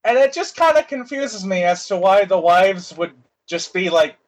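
A man's voice: sits high, animated, moderate pace, lo-fi sound. A man in casual chat, retelling a movie plot in a rambling, loose way and swearing freely.

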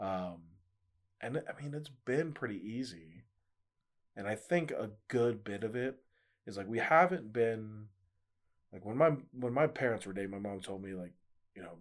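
A man's voice: on the low side, moderate pace. A young man chatting casually as a podcast guest, telling a story in a laid-back way with lots of fillers and frequent laughs. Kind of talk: casual chat.

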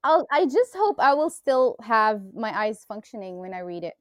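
A young woman co-hosting a casual book podcast, unhurried and hesitant, with many ums. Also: fairly high pitch, very animated, no echo, clean studio sound. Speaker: podcast co-host.

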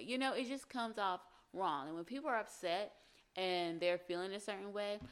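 A woman's voice: mid-range voice, normal speed, clean tone. A woman giving casual relationship advice, explaining earnestly and acting out example phrases.

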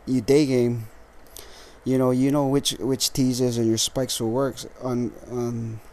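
A tired, lethargic man hosting a casual solo podcast, rambling with halting restarts and frequent swearing. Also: mid-range voice, flat delivery, dark tone. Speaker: podcast host.

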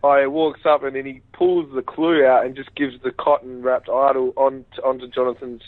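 A man guest in a casual phone interview, retelling events in a rambling, animated way and acting out what others said. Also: medium pitch, moderate pace, no echo. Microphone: phone call. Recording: tinny phone line, dry.

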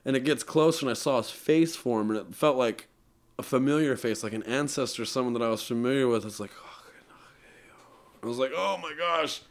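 A man's voice: mid-range voice, brisk. A young man, a musician guest on a podcast, telling a long personal story in an earnest, rambling way with many fillers.

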